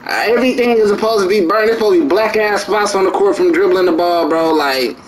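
A man's voice: high voice, fast, slight background noise, low-quality recording. A young man streaming a basketball video game, cursing and trash-talking his teammates in casual commentary. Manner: profane, joking trash talk at teammates. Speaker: gaming streamer.

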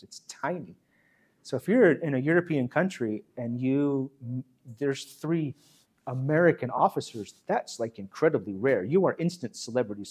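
A man's voice: medium pitch, darkish tone. A man giving a chatty history talk as guest speaker, repeating himself and acting out quotes. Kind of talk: history lecture.

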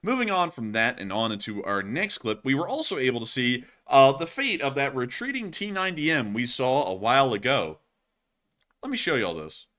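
Lively, bright-voiced male news host. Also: medium pitch, moderate pace. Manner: animated, laughing, jokey. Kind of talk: casual war news commentary.

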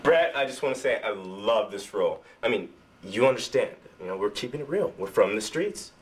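A lowish, lively male voice from a man playing a pretentious actor. He talks earnestly and takes himself very seriously, with a faint hiss behind him. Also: fairly quick, close to an everyday voice. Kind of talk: indie comedy drama acting.

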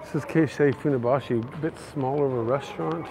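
A Canadian man narrating a casual walking tour of city streets, chatty and excitable. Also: medium pitch, fast, creaky. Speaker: vlogger. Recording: faint outdoor street noise. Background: faint traffic and street noise.

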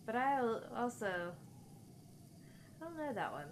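A woman's voice: on the high side, big pitch swings, measured pace, a little hiss or hum. A woman streamer chatting casually with viewers while she plays, laughing often and cooing at her pet. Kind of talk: casual live-stream chat.

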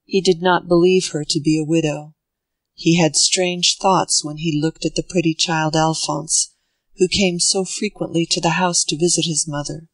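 A narrator reading a classic novel aloud in a measured, even way. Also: medium pitch, no room sound, low-quality recording. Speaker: audiobook narrator. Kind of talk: scripted narration.

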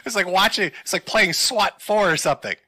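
Sarcastic laughing streamer, bright voice. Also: male voice, high voice, dry recording. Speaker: streamer host. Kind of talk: mocking live-stream commentary.

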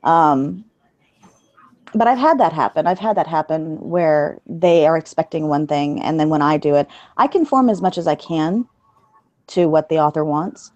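A woman with a fairly low voice talks casually about her narration work as an interview guest. She is chatty and laughs easily, often poking fun at herself. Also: normal speed, a little mellow, no room sound, muffled recording.

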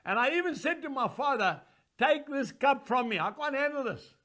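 An older man voicing Jesus as a gentle, anguished man, speaking slowly and earnestly. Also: very high-pitched, expressive, voice pushed up, exaggerated voice.

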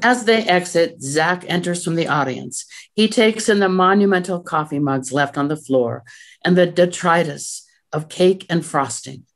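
A woman reading the stage directions of a play aloud in a plain, even way. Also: fairly low pitch, unhurried.

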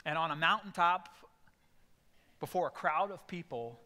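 A man's voice: a little high, expressive, moderate pace, pushed and bright, long reverb tail. A male pastor giving a sermon, telling stories and acting out voices in bursts. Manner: storytelling with sudden acted outbursts. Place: church sanctuary.

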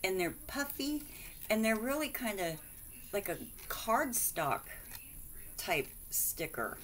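A woman's voice: mid-range voice, very animated, slow pace, fairly bright tone. A woman vlogger chatting casually and gushing over cards and mail sent by friends, exclaiming and giggling often.

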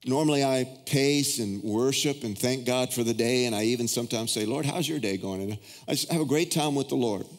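A middle-aged man, a pastor preaching a sermon who tells personal stories and leaps into high, excited voices when acting out his prayers. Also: a little fast, few pauses. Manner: storytelling, swings into high excited acted-out prayers. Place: large church auditorium. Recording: reverberant hall.

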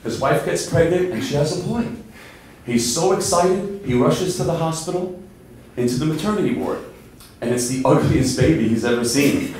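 A man's voice: on the high side, expressive, normal speed, a little mellow, a little hiss or hum. A man telling jokes on a comedy club stage, with plain setups and punchy quoted lines. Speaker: guest comic. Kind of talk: stand-up joke telling. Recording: echoey room mic from a distance.

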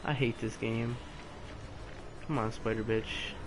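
A man's voice: mid-range voice, little pitch movement, takes it slowly, music in the background. A man commentating a video game live, frustrated, swearing and taunting the enemies on screen. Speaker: let's play gamer.

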